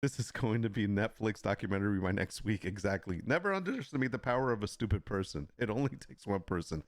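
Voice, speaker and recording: A man's voice: fairly low pitch, animated, fast, no echo, studio quality. A man hosting a casual livestream, laughing often and reacting in disbelief as he reads. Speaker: livestream host.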